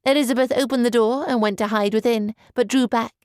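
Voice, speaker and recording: A woman narrating an audiobook in a measured, even storytelling manner. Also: on the high side, no room sound, studio quality. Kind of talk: scripted narration.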